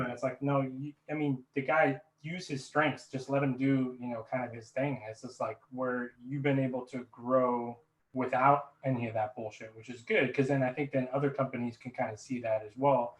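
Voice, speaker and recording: A man's voice: mid-range voice, steady tone, normal speed, echoey room, distant mic, poor audio. A man who works as a business consultant, speaking in an easygoing, laid-back way in a casual roundtable chat.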